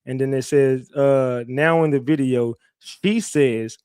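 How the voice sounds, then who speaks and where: A man hosting a livestream, animated and profane as he retells a court hearing with lots of restarts. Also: mid-range voice, slow, clear, resonant tone, dry recording, clean studio sound. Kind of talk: casual livestream storytelling.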